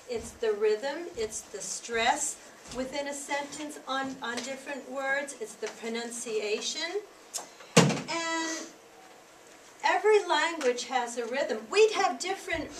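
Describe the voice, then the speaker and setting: An American woman training tutors in a workshop, talking in an animated, emphatic way and demonstrating sounds aloud. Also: sits high, background noise. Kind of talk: teaching workshop presentation. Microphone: distant room mic. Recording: echoey room from a distance, faint ambience.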